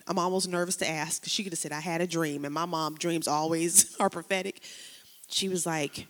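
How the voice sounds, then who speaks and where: A woman pastor preaching a sermon, moving between lively preaching, casual slang and quiet personal storytelling. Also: fairly low pitch, brisk, in a large hall.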